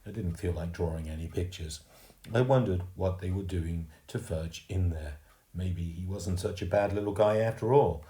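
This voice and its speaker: A man reading a children's book aloud as a storyteller, slow and expressive, in a roomy recording. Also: low-pitched. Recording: roomy echo.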